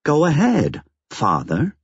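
A man's voice: a little high, wildly swooping pitch, takes it slowly, breathy edge, no room sound, pitched above the performer's own voice, full character voice. A man voicing an unflappable older woman in an audiobook, wry and matter-of-fact, on a slightly dull lo-fi recording. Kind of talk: audiobook character voice.

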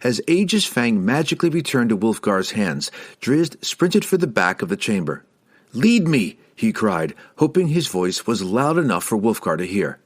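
A man reads a fantasy novel aloud in a somewhat low voice. His narration is dramatic and lifts on tense moments. It is a scripted audiobook reading. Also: big pitch swings, moderate pace, hardly any pauses.

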